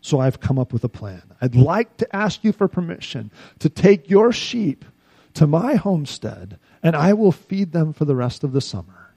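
A preacher doing an eager repentant squire. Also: male voice, fairly high pitch, very animated, moderate pace, dark tone, husky, no echo, heavily acted. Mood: earnest. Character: earnest repentant landowner man, eager.

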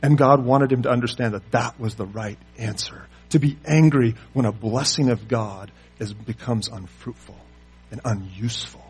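A man preaching a sermon, pressing his listeners with rhetorical questions and moving between loud emphasis and quiet asides. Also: medium pitch, moderate pace, breathy edge. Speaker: pastor.

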